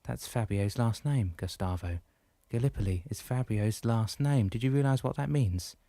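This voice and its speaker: Eager impulsive young man voiced by a man, hurried, dark mellow voice. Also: mid-range voice, no room sound, natural voice.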